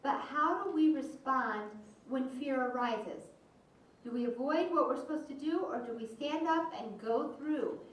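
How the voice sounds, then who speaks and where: Measured woman preaching in echoey hall. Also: high-pitched. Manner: slow, measured phrasing with pauses. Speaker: voice interpreter for a sermon. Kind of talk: sermon. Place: church sanctuary. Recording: distant, echoey church hall, faint hum.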